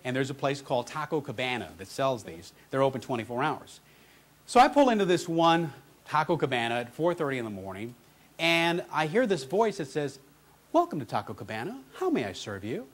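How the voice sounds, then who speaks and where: A middle-aged man giving a motivational keynote, telling a story in an animated, conversational way. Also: medium pitch, brisk. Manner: animated, conversational, lots of restarts. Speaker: motivational speaker.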